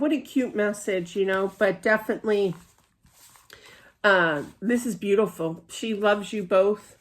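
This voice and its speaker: Chatty rambling woman psychic reader. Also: mid-range voice. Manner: chatty, rambling, many fillers and restarts. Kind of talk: casual spiritual reading with anecdotes.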